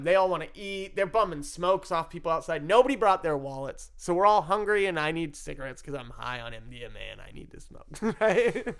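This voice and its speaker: A man with a somewhat high, gravelly voice tells a story about his own past in a loose, rambling way. He swears freely and breaks into laughter between phrases. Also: a bit bright. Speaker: storyteller recounting his addiction. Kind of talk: casual first-person storytelling.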